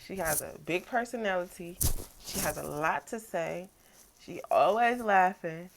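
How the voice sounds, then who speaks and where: A young woman, talking in a casual, reflective vlog, soft-spoken and relaxed. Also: on the low side, unhurried, creaky, slight background noise. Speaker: vlogger. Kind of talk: personal reflective vlog talk.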